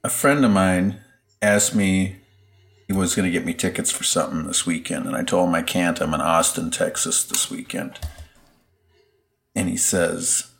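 A man's voice: low voice, fairly even intonation, moderate pace, vocal fry, a bit bright. A man co-hosting a podcast, chatting casually and telling rambling stories with lots of laughter. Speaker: podcast co-host. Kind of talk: casual chat.

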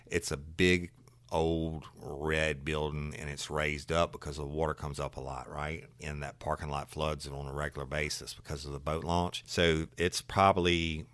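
A man's voice: a bass voice, little pitch movement, moderate pace, a bit bright, dry recording. A man tells a case story. He talks in a blunt, folksy way, in a dry, close recording. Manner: folksy, blunt, curses freely. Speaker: detective recounting a case. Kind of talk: casual storytelling.

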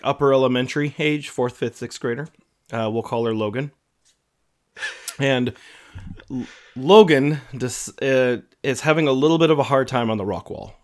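A man co-hosting a chatty podcast, telling a long story with plenty of "uh" and "like". His voice sits at a medium pitch, and he slips into other people's voices as he quotes them. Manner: rambling, lots of fillers, acts out quotes. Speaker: podcast co-host. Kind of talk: casual storytelling.

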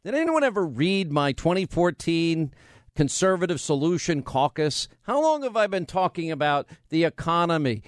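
A man hosting a radio talk show, brash and combative, talking fast in a studio. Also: fairly high pitch, sing-song, dry recording. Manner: brash, combative, rapid-fire. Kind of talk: talk radio monologue and live reads. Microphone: studio microphone.

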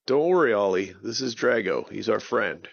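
A man voicing a brave young male hero who leads his friends calmly. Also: on the low side, normal speed, creaky, no room sound, highs cut off. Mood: steady.

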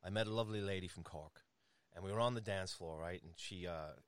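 A man's voice: low voice, quick pace, clear, resonant tone, dry recording. A man from New York telling rambling, chuckling anecdotes in casual conversation, with many restarts.

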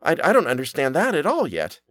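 Guy doing a simple young lad from a fairy tale, earnest, stammers a bit, high and bouncy. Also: huge pitch swings, brisk, fairly bright tone, no room sound, clean studio sound, exaggerated voice. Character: simple-minded fearless young male lad.

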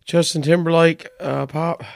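Slow, dry-sounding male host. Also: on the high side, level tone, gravelly, no room sound. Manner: slow, offhand, with fillers. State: lightheaded, queasy. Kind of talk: casual chat.

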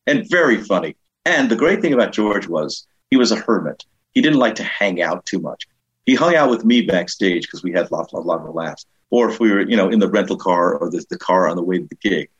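A middle-aged man with a husky, lowish voice recounts his touring years in an interview. He acts out the people in his stories, his pitch shooting up for each quoted line. The sound is muffled and lo-fi. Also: a little fast. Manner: animated anecdotes, jumps high to act out quoted people. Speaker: comedian and author, guest. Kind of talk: casual storytelling interview. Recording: dull lo-fi sound.

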